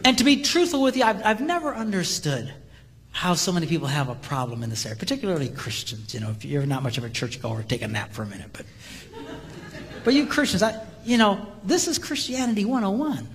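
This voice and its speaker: Man, humorous sermon, animated storytelling, long hall reverb, faint room hum. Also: fairly quick. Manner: animated, jumps to high voices for quotes, laughs. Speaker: marriage seminar speaker.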